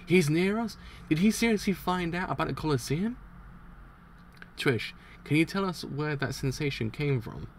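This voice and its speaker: A man's voice: a little high, expressive, normal speed, a little hiss or hum, pitched above the performer's own voice. A man voicing a determined young male gang leader, talking urgently and alertly.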